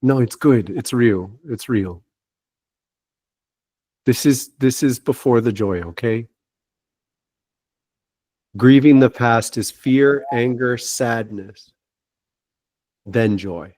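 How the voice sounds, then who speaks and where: A man offers gentle spiritual guidance over a video call. He is reassuring and pauses often to restart his sentences. His voice sits at an ordinary pitch and sounds dry, with no room echo. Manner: reassuring, halting with frequent restarts. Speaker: spiritual guide giving readings.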